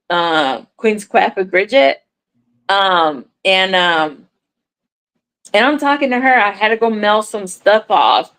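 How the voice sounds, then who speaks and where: On her crochet livestream, a woman tells a story in a casual, chatty way, acting out the voices of the people in it and swearing now and then. Her voice sits at a middle pitch with a fairly bright tone, though the recording quality is low.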